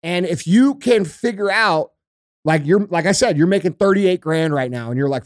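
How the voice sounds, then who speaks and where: Brief: middle-aged male podcast host, high voice, blunt swearing rants, dry close sound. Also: lively intonation, moderate pace, dry recording. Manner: profane, blunt, emphatic ranting. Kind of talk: casual podcast chat.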